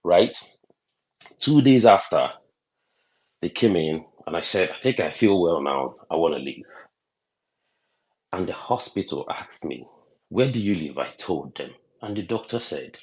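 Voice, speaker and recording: A deep-voiced man with a Nigerian accent tells a story from his own life. His pitch rises and falls a great deal. He speaks earnestly, often repeats a phrase, and poses questions he then answers. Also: lively intonation, moderate pace, pauses often, darkish tone. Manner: earnest, repeats himself, asks rhetorical questions. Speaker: speaker in an online audio chat room. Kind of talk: impassioned personal storytelling. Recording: online audio room over a phone mic.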